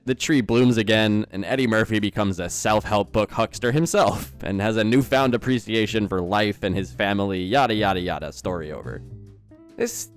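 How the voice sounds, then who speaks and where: A young man giving a sarcastic, incredulous film review in scripted commentary. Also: fairly low pitch.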